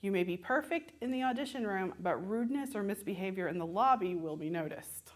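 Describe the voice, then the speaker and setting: A woman's voice: medium pitch, expressive, fast talker. A woman with a Southern American accent teaching musical theatre audition tips in a chatty, conversational way, often laughing and acting out examples.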